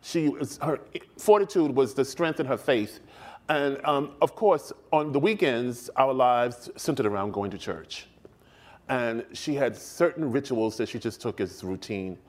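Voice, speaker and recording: A man's voice: medium pitch, lively intonation, measured pace. An older man as a guest in a stage interview, speaking in a gracious, expansive and emphatic way as he tells stories.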